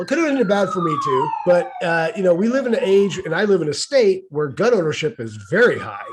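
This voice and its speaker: Lively middle-aged man telling a story. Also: high-pitched, background noise. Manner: animated, wry, exasperated. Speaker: vlogger telling a personal story. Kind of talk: casual storytelling.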